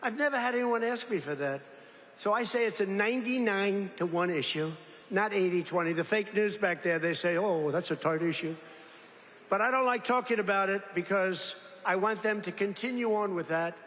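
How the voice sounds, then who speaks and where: A man's voice: high voice, brisk, fairly bright tone. Older man rambling at a rally. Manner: rambling, boastful, mocking asides. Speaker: politician at a campaign rally. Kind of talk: off-the-cuff rally speech. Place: large rally venue. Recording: reverberant rally hall, faint background noise.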